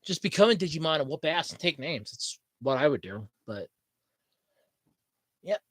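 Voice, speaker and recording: A man's voice: fairly high pitch, big pitch swings, normal speed, a bit bright, no echo. A man hosting a podcast in casual, rambling chat, swearing freely and laughing at his own jokes. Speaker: podcast host.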